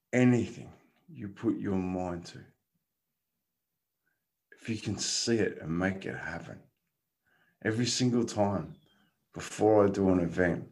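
Man, low voice, guest, casual storytelling, animated, laughing. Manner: animated, laughs through his stories.

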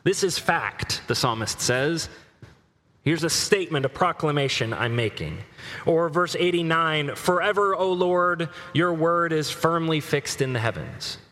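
Middle-aged man, preacher, sermon, slightly high voice, church hall reverb. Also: animated, pushed and bright. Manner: earnest, reads scripture aloud with slow emphasis.

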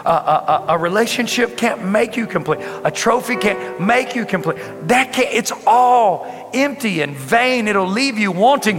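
Animated high-voiced preacher. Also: male voice, a little slow, few pauses. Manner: animated preacher, swings from loud to soft, laughs with the congregation. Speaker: pastor. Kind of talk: sermon. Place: large church hall with congregation. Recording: reverberant church hall with music behind.

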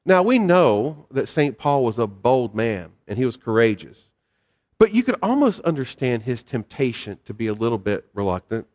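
A man preaching a sermon as pastor, relaxed and conversational, with fillers and personal stories. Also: medium pitch, normal speed, in a large hall.

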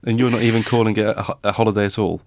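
A man's voice: on the low side, level tone, very fast, noisy background. A man hosting a podcast in casual chat, hesitant and full of restarts, with dry teasing humor. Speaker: podcast host.

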